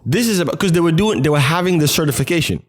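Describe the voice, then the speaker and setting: A man's voice: fairly high pitch, lively intonation, very fast, a crowd in the background. A man co-hosting a casual podcast chat, swearing freely and acting out quotes in put-on voices. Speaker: podcast co-host.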